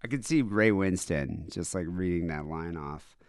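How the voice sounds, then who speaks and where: A man's voice: low-pitched, moderate pace, smooth, dry recording. Chatty male podcast co-host, dry sound. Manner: chatty, many fillers and restarts, laughs easily. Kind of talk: casual podcast chat.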